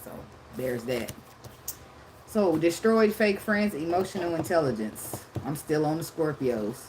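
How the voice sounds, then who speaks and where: A woman in her thirties giving a casual tarot reading, talking loudly and profanely with lots of laughter. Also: low-pitched, expressive, a little slow, background noise. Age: 30s. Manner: loud, profane, laughing storyteller. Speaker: tarot reader.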